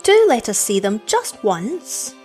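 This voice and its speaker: A woman voicing a pair of eager young children, pleading in breathless, high-pitched tones. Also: sing-song, slow, a little mellow, soft background music. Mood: desperate.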